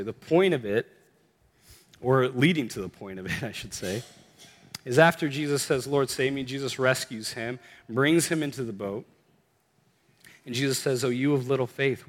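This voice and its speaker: A man preaching a sermon, earnest and conversational, rising to emphatic exclamations at the high points. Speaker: pastor. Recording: long hall reverb.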